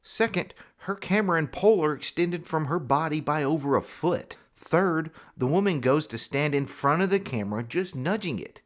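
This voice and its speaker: Wry male commentary host, lively pitch. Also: moderate pace, few pauses. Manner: wry, sarcastic remarks with short laughs. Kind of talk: scripted video commentary.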